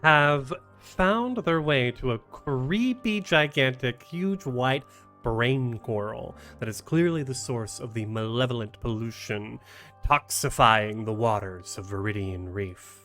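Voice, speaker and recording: Slow, halting game master man. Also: mid-range voice, sharp tone, faint music behind. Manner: halting, full of ums and restarts. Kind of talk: narrating a tabletop game on a charity stream.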